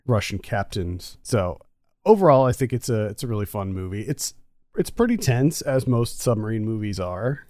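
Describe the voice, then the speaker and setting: A man co-hosting a casual movie review chat, talkative and quick to laugh. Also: fairly low pitch, animated, a little mellow, no room sound, clean studio sound. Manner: chatty, laughs easily. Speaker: podcast co-host.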